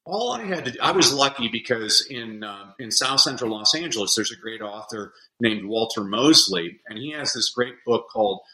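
Podcast guest, male educator: bright, punchy voice, animated anecdotal delivery. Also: fairly low pitch, moderate pace, hardly any pauses, rough recording. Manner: animated storyteller acting out kids' voices. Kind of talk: casual podcast chat.

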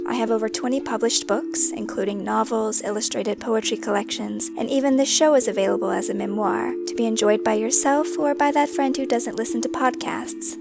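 A woman narrating her own true-crime memoir podcast as host, in a measured, brooding way that weighs one question after another. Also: on the high side, vocal fry.

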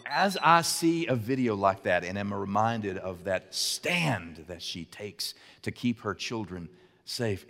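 A man preaching a sermon as a pastor, telling a story in an animated, conversational way. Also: on the low side, long reverb tail.

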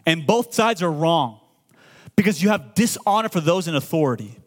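Male pastor, forties, high-pitched, animated sermon, call-and-response, stammering repeats. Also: normal speed. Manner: stammers and repeats words when excited.

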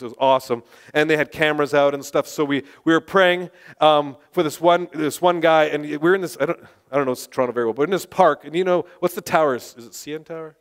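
A man preaching and telling testimony stories with passionate, excitable energy, now and then bursting into shouts. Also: fairly high pitch, smooth. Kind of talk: sermon testimony storytelling.

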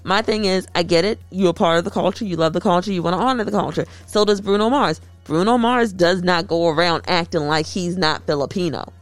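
A woman co-hosting a casual chat, talking in a chatty, animated and playful way. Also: lowish voice, a little fast, few pauses, dry recording, soft background music.

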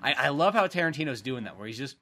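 A man's voice: medium pitch, sing-song, quick pace, bright, forceful tone. A man chatting casually and profanely about a film, rambling with lots of fillers.

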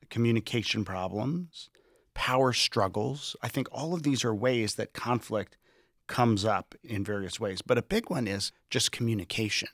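A man's voice: mid-range voice, fairly bright tone, no room sound, clean studio sound. A man hosting a casual group discussion, thinking aloud and acting out quoted lines in different tones. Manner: reflective, acts out quoted lines with shifting tone. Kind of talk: conversational discussion.

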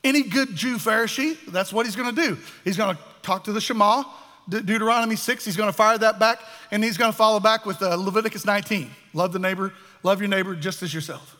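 A man preaches a sermon, his voice high and bright. He talks animatedly and slips into the voices of the people in his story. The sound carries the long echo of a hall. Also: quick pace. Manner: animated, acts out voices of biblical figures. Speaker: pastor. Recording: echoey hall.

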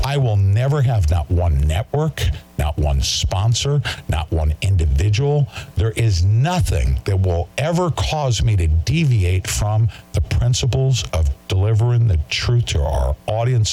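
A male talk show host in a heated, agitated rant, his pitch swinging widely as he talks. Faint music plays behind him. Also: warm tone, slightly rough. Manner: agitated, ranting, mocking critics in high put-on voices. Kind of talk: heated monologue.

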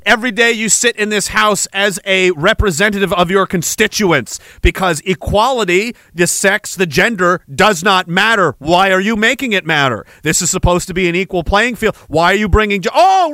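High, bright-voiced ranting man. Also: no echo. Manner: angry, sarcastic, swearing. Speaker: online commentator. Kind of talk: profane reaction rant.

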